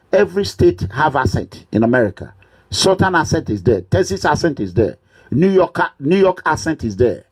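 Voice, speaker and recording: A man with a Nigerian accent giving an impassioned political monologue, preachy and repetitive, at times breaking into shouts. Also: fairly high pitch. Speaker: political commentator.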